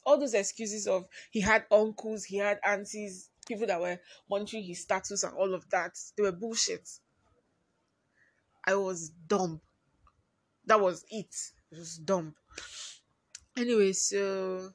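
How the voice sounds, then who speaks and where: A woman hosting her own podcast, talking through a personal story in a confiding way and often trailing off quietly. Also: mid-range voice, dry recording. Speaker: podcast host.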